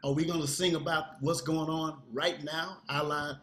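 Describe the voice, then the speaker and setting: A man's voice: fairly high pitch, flat delivery, moderate pace, a bit bright. An older man with a somewhat raised voice, speaking with conviction as a singer in an interview. His words come earnest and firm. There is an echo of the room around him. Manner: earnest, emphatic. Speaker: guest singer. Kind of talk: interview conversation.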